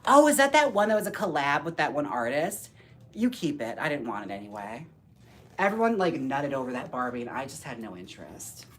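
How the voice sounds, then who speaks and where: A man hosting a casual live stream while styling dolls, talking to viewers by name in a campy, sassy way with quick jokes and frequent laughs. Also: mid-range voice, sing-song, fairly bright tone, a little hiss or hum. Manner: talks to viewers by name, reads chat aloud.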